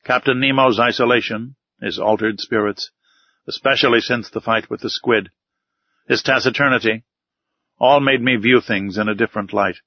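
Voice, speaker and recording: A man giving measured, formal first-person audiobook narration. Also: mid-range voice, steady tone, no echo. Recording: slightly dull, dry recording.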